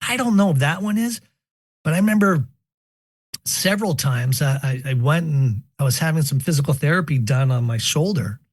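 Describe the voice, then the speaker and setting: A man casually telling personal paranormal stories, animated and joking, often repeating words as he goes. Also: fairly high pitch, normal speed, breathy edge, no echo, studio quality. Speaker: podcast guest telling paranormal experiences. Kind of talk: casual storytelling.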